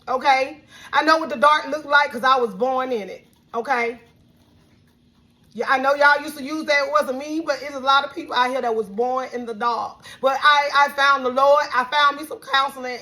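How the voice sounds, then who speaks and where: A woman from Alabama with a Southern accent, venting heatedly to her followers about a rude fast-food worker, cursing and at times close to tears. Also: high-pitched, pushed and bright. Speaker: vlogger. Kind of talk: emotional venting rant.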